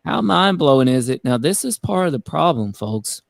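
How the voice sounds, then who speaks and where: A man hosting a casual live-stream chat, talking in an energetic, conversational way with emphatic asides. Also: on the high side, normal speed, gravelly, no room sound. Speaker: host.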